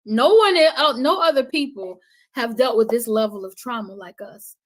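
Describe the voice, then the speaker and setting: A middle-aged woman, a podcast guest, speaking with passion and conviction, often dropping to a soft, intense tone. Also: on the high side, expressive, moderate pace. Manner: impassioned, preachy, drops to soft intensity. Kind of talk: passionate conversational talk.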